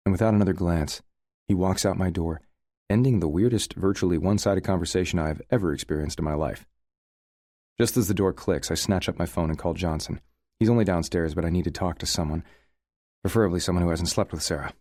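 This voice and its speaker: Audiobook narrator: man, very low voice, wry tone, dry close read. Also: quick pace, darkish tone, no room sound. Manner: wry, sardonic. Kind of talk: first-person audiobook narration.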